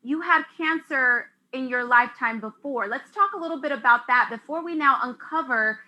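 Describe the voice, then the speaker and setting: A woman hosting a talk show, guiding her guest in a conversational way with gentle questions. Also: sits high, moderate pace, rough recording. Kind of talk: interview hosting.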